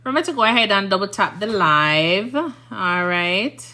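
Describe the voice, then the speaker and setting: A woman's voice: medium pitch, animated, normal speed, sharp tone. A woman from Jamaica with a Jamaican accent, a nurse chatting casually on a livestream, rambling and often checking "you understand?".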